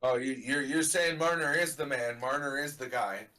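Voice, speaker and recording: A man hosting a casual live hockey reaction stream, chatty and quick with asides, explaining the lingo. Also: medium pitch, sharp tone. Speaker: stream host.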